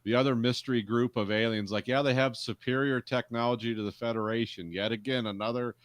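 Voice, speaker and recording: A man co-hosting a casual film podcast, making dry, wry remarks and quick quips. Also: medium pitch, steady tone, dry recording. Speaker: podcast co-host.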